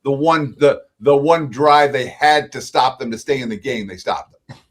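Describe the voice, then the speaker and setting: A man's voice: mid-range voice, normal speed. A man hosting a live sports-betting show in casual chat, wry and talkative, often trailing off with fillers.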